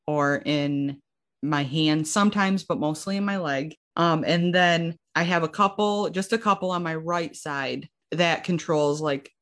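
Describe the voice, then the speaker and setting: A young woman in her twenties casually telling her own story, acting out what people said and using lots of "like". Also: sits low. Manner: animated, acts out quotes with lots of "like". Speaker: guest sharing her story.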